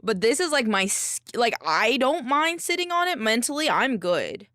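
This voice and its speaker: A woman's voice: a little high, sing-song, normal speed, a bit bright, dry recording, clean studio sound. A woman streamer chatting casually while she works, rambling with many restarts and fillers. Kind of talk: casual chat while working.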